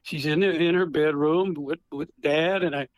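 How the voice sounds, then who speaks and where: A man's voice: on the high side, fairly even intonation, a little slow, dry recording, highs cut off. A man in his sixties, a retired prosecutor and guest author, telling stories animatedly over a phone handset. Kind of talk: storytelling interview.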